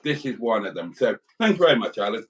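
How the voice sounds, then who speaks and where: A man's voice: fairly low pitch, very animated, a little fast, distant mic, poor audio. A British man hosting a livestream, rambling through anecdotes and calling his viewers darlings. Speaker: livestream host. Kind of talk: casual livestream chat.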